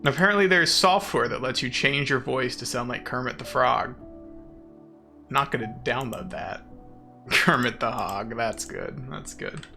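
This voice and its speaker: A man's voice: medium pitch, unhurried, creaky, bright, forceful tone, faint music behind. A man streaming a game, chatting casually and sarcastically with his chat. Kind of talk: casual chat while gaming.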